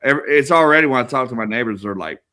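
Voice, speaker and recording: Speaking very fast in a pushed, bright mid-range voice, this man is a podcast guest spinning loose, meandering war stories. He curses nonstop and keeps breaking into laughter throughout the casual telling.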